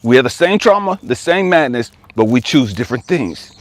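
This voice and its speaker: A man's voice: mid-range voice, animated, normal speed, no room sound. Emphatic man telling a motivational story. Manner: emphatic, repetitive, builds intensity. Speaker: life coach and speaker.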